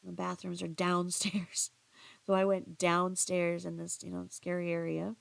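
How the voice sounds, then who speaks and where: A woman's voice: fairly low pitch, monotone, unhurried, creaky, dry recording. A woman vlogger telling a story in a chatty, rambling way, full of asides and restarts. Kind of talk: casual storytelling monologue.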